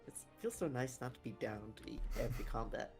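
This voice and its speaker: A man playing a tabletop game, excitable and quick to cheer at the dice. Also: medium pitch, over music. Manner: excitable, cheering and laughing at rolls. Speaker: player.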